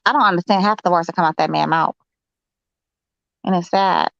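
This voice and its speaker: A woman's voice: on the low side, fairly quick, creaky, fairly bright tone, dry recording. Blunt woman on a dull, dry mic. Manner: blunt, opinionated, salty. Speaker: podcast co-host. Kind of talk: casual sports chat.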